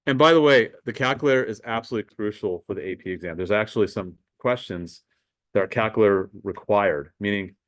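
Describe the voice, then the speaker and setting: A man teaching a high school math class in a casual lecture, talking the students through calculator steps. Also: a little fast, fairly bright tone, poor audio. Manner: casual, talks to students as guys, thinks aloud with fillers.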